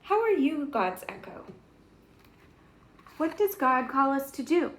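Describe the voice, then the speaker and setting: A woman reading a children's book aloud gently, pausing to ask the listener questions. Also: sits high, very animated.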